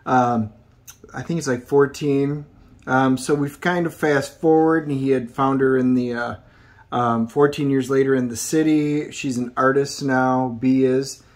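A man's voice: medium pitch, steady tone, measured pace. Middle-aged guy doing a laid-back comic review, lots of ums, rambly retelling. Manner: rambling plot retelling with many fillers. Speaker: comic book reviewer and show host. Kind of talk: casual video review.

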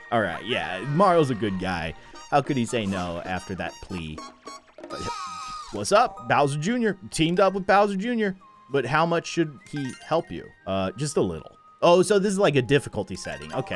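A man hosting a gaming video, giving excitable, jokey play-by-play commentary and exclaiming often. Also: medium pitch, normal speed, over music. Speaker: YouTube gaming host. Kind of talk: gameplay commentary.

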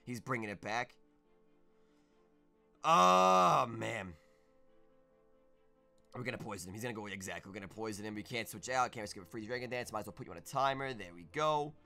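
A young man streaming live gameplay, talking through his moves and breaking into shouts when things go his way. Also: fairly low pitch, fast talker, faint music behind. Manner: excitable, bursts into shouts.

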